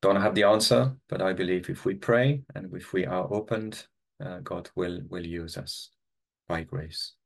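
Deep-voiced, gravelly man leading prayer on a video call. Halting and reflective. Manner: halting, many restarts and hums of agreement. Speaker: church leader leading online prayer meeting.

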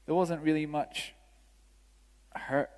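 A vicar telling a story in a sermon, quoting the people in it with animated voices. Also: male voice, a little high, slow pace. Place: church. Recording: church hall with long reverb.

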